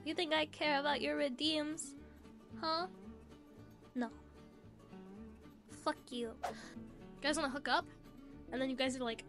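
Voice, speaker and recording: A young woman streamer chatting casually, brash and playful, swearing and ranting at her chat with sudden shouts. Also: sits high, steady tone, a little slow, long pauses, faint music behind.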